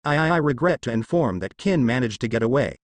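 A man's voice: medium pitch, animated, fast, dry recording, natural voice. A man reading the lines of a frightened, foul-mouthed young kunoichi woman in a fan fiction, stuttering. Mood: scared.

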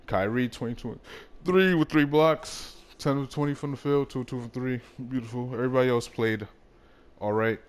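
A young man giving casual commentary over a basketball video game, muttering one moment and yelling in frustration the next. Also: medium pitch, normal speed, clean tone. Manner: swings from mumbled talk to loud frustrated outbursts. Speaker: gaming YouTuber.

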